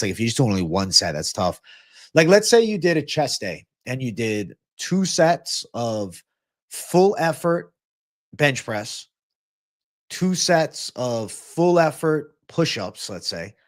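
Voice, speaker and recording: A man's voice: mid-range voice, dry recording, clean studio sound. A young man hosting a live MMA and fitness stream, chatting casually, swearing and thanking viewers. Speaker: livestream host.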